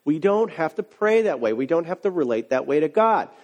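Guy pastor with a high voice, chatty sermon, gets punchy with his questions. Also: very animated, fairly quick, a little mellow, dull audio. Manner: conversational, builds to emphatic questions. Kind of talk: casual sermon.

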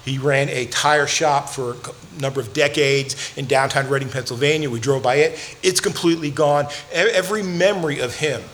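A man preaching with an earnest, direct delivery, pitched a little higher than most men. He often repeats a word to press a point home and turns to address the children listening. A faint hiss sits under the recording. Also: moderate pace, fairly bright tone. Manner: earnest, repeats words when stressing a point; talks directly to children in the congregation. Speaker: pastor. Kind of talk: sermon.

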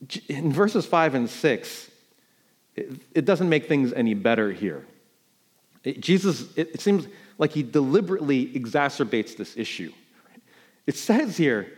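Here a pastor, a middle-aged man from New York, tells a personal story during his sermon. His pitch sits in the middle range, and his volume shifts abruptly between loud stresses and hushed moments.

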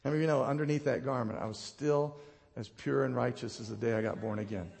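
Gravelly-voiced man preaching in a reverberant hall. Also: mid-range voice, fast. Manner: passionate preaching, swings from loud to hushed. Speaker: pastor. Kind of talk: sermon. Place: church sanctuary.

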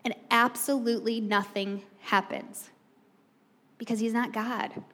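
A woman's voice: on the high side, steady tone, a little slow, a bit bright. A woman preaching a sermon, retelling the story in a chatty way and speaking straight to the congregation. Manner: chatty storytelling, addresses the crowd directly. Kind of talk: conversational sermon. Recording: long reverb from a hall.

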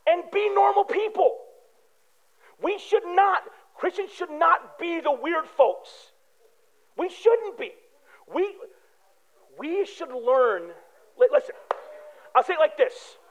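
Man, pastor, very high voice, casual sermon, storytelling asides, muffled recording. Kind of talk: conversational sermon.

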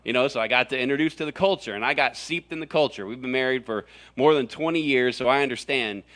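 A middle-aged man from Florida preaching a humorous sermon to a room, telling stories with animated, jokey delivery and sudden exaggerated voices. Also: medium pitch, fast talker. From Florida, USA. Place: large room with audience.

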